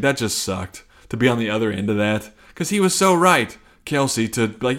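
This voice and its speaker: A man talking alone into his podcast mic at an easy middle pitch. He rambles, swears freely and keeps breaking off his own sentences. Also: moderate pace, hardly any pauses, fairly bright tone. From Cincinnati. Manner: rambling, profane, self-interrupting. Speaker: podcast host. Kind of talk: casual solo podcast rant.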